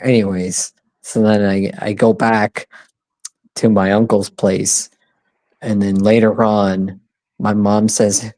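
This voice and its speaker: A man's voice: on the low side, fairly even intonation, unhurried, darkish tone, no echo. Profane rambling man in his thirties. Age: 30s. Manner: profane, rambling, acts out quoted voices. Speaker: podcast co-host. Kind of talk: casual storytelling chat.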